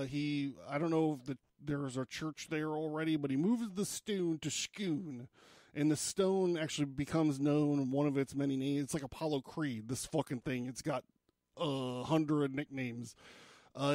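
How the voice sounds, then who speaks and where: A man's voice: on the high side, steady tone, a little slow, a little mellow, no room sound, studio quality. A man hosting a podcast, retelling a legend in a casual, jokey way and swearing often. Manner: casual and profane, with jokey asides. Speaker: podcast host.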